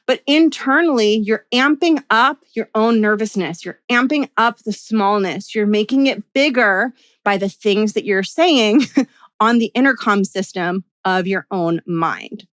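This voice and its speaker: A woman podcast host and communication coach teaching listeners, talking earnestly and emphatically and often checking in with a quick "right?". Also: medium pitch, a bit bright, dry recording.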